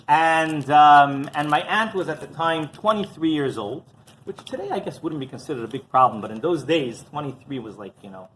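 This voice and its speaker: A man's voice: expressive, moderate pace, a bit bright, slight background noise. A man, a rabbi, telling stories in an informal talk, often asking "right?" and acting out the people in them. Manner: conversational storytelling, frequent "right?" and "you know"; acts out quoted voices with big pitch jumps.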